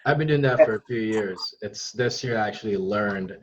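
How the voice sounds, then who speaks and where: A man's voice: on the low side, moderate pace. A man hosting a casual chat, interjecting with jokes and teasing. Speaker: host. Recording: dull, noisy recording.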